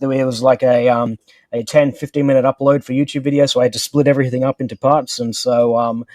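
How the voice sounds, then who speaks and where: A man talking as a guest on a video call, halting with many fillers while he searches for things. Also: medium pitch, warm tone, no echo. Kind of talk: casual video-call chat. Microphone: home computer mic on a call.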